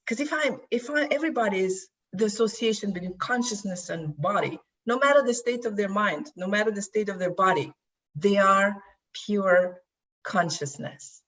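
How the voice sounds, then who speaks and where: A woman's voice: medium pitch, moderate pace, fairly bright tone, far from the mic, poor audio. A woman speaking as a guest in a casual chat, reflective and earnest.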